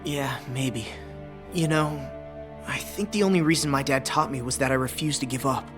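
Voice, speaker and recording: A man's voice: medium pitch, normal speed, lightly acted. A man voicing an earnest teenage boy novice mage. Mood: reflective. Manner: plain-spoken and sincere. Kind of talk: anime English dub. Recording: studio dub with music behind.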